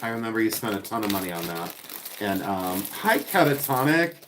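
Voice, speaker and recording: A man with a lowish, fairly bright voice and big pitch swings speaks briskly over slight background noise. As a live-stream seller, he unboxes items casually, chatting and giggling, reading out viewer comments and repeating words for fun.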